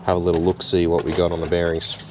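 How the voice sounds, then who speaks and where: A very low-voiced man talks through fixing a car in a home garage. He keeps it relaxed, chatty and self-deprecating, with a faint hiss of background noise under his voice. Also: fast talker. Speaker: home mechanic host. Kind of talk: casual how-to narration.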